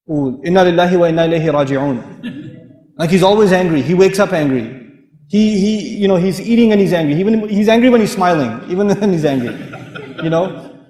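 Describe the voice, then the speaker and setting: Male lecturer, high pitch, animated and humorous storyteller; roomy reverberant hall. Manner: animated storyteller, laughs often. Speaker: Islamic lecturer. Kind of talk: lively sermon with humorous stories.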